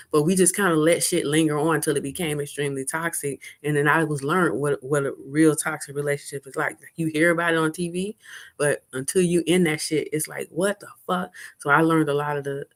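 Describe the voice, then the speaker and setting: A middle-aged woman telling a personal dating story casually, candid and profane. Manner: candid and profane, with animated high-pitched quoting.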